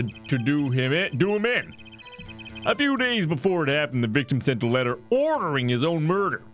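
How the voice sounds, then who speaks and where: A man's voice: a little high, a bit bright. A man voicing a bumbling male police detective who stammers and says "uh" a lot. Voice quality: stammering, lots of "uh". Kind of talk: playthrough voice acting.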